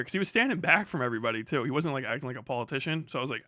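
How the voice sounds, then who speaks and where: A man's voice: medium pitch, expressive, very fast, bright, forceful tone, no echo, clean studio sound. A young man live-streaming, swearing heavily in a heated, mocking rant. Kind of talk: profane ranting commentary on a live stream.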